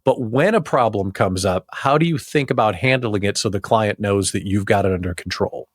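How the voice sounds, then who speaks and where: A man's voice: fairly low pitch, normal speed, dry recording, studio quality. A man hosting an interview, asking long, thoughtful questions about client work. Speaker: podcast host.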